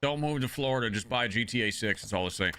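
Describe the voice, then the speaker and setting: Male game streamer, bright forceful voice, blunt, swears a lot, rambling casual chat. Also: mid-range voice, lively intonation, quick pace. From Northeastern US.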